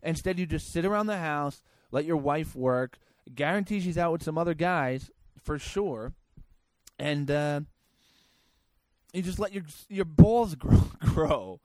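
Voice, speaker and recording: A man's voice: on the high side, lively intonation, measured pace, darkish tone, dry recording. A man hosting a comedy show, reading out news stories and ranting about them in a sarcastic, crude way. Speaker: podcast host.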